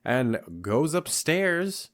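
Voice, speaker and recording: A man co-hosting a podcast, casually recapping a horror film in a profane, animated way full of filler words. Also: fairly high pitch, extremely slow, dry recording, clean studio sound. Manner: profane, animated recounting with lots of "like". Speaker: podcast co-host. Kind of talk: casual movie recap chat.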